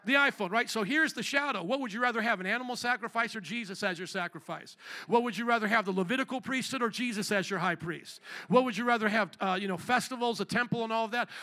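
A man's voice: high voice, sharp tone. A man preaching a sermon to a congregation, leading call-and-response and asking the room questions. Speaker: pastor. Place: church hall with congregation.

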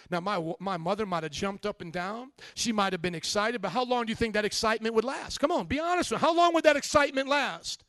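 Man, pastor, sermon, impassioned, rhetorical questions, high voice, dry close sound. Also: fast talker, few pauses, no room sound. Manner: impassioned preaching, rhetorical questions to the congregation, builds to shouts.

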